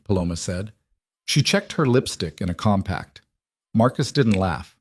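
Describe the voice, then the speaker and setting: Male narrator for an audio story, low and steady, bone-dry close recording. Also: moderate pace, slightly rough, dry recording.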